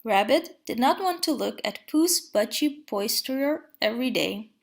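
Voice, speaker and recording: A woman reading a storybook aloud in a calm, even voice. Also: on the high side, measured pace, gravelly. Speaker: storybook reader.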